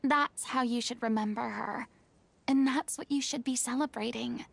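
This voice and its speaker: A proud, theatrical young woman scolds and lectures in a stern, commanding way. Her voice sits high and bright in a game cutscene. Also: steady tone, normal speed, creaky, no room sound. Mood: earnest. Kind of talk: video game voice acting.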